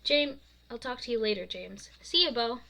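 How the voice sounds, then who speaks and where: A woman's voice: fairly high pitch, lively intonation, moderate pace, gravelly, bright, forceful tone, heavily acted. A woman reading as Lily, a chatty teen girl. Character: friendly teenage girl, curious and easygoing.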